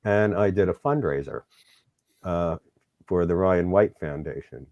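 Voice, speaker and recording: Low, dark-voiced man telling a story. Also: measured pace, dry recording, lo-fi sound. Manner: candid, emotional storyteller, acts out quoted dialogue. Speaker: show host being interviewed. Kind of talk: storytelling interview.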